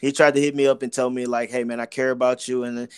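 A man's voice: medium pitch, little pitch movement, fast, clean tone, dry recording. Young man rambling profanely. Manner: rambling, profane storytelling with many fillers. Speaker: podcast co-host. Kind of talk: casual chat.

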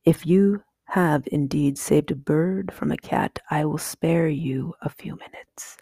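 Woman playing a deep-voiced male owl, stern, formal, slow, low and husky, whispered role-play storybook. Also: warm tone, dry recording, clean studio sound, full character voice.

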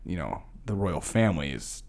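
A man's voice: deep voice, big pitch swings, normal speed, gravelly, a little mellow. A man co-hosting a casual podcast, curious and hesitant, who thinks aloud in restarts. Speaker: podcast co-host.

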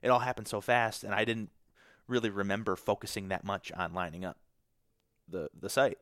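A man's voice: on the low side, fairly even intonation, normal speed, a bit bright, dry recording, clean studio sound. A man from Michigan, a podcast guest, telling a story in a casual, emotional way full of fillers.

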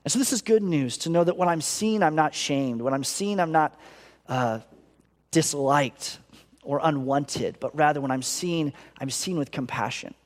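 Man preaching, earnest, slightly high voice, long hall reverb. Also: moderate pace. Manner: earnest, acts out inner voices with big pitch swings. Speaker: pastor. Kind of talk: sermon.

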